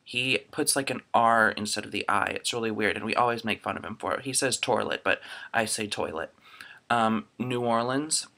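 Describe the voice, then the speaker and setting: A man's voice: lowish voice, moderate pace, creaky, bright, forceful tone. A young man from Florida chatting casually through a dialect survey into his laptop webcam, rambling with lots of ums. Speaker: vlogger.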